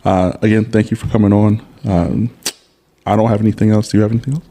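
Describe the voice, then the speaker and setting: A man's voice: on the low side, steady tone, fast talker, warm tone, a little hiss or hum. A man hosting a podcast, closing the episode in a laid-back, casual way. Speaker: podcast host. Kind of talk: casual chat.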